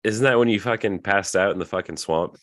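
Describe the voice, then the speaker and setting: Deep-voiced man with crude interjections. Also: a little fast, fairly bright tone, slight background noise. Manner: short profane interjections. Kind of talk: casual chat.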